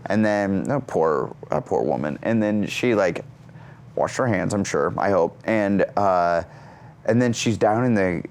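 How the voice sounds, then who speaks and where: A comedian man in his thirties telling a wild story with lots of energy. His voice sits fairly low but swings up and down constantly. He throws himself into every beat. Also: unhurried, a little hiss or hum. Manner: energetic, acts out characters. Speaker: comedian guest. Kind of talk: animated comic storytelling.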